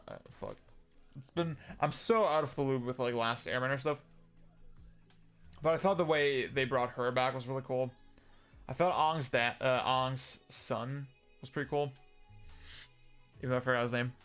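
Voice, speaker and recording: A man's voice: medium pitch, fairly bright tone. Rambling young man on a livestream. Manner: rambling, hesitant with many fillers and restarts, casual swearing. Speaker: livestream host. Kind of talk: casual livestream chat reading viewer comments.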